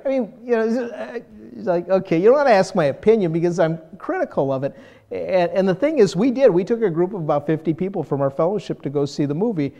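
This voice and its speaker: A man's voice: sits high, fairly quick. Older male pastor preaching conversationally. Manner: conversational, self-deprecating, animated when mimicking. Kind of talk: sermon.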